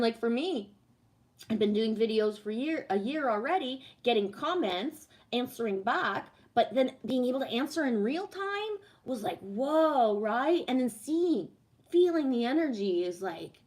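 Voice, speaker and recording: A woman's voice: on the high side, a little mellow. A woman chatting casually on a live stream, reading the chat, swearing freely and laughing at herself.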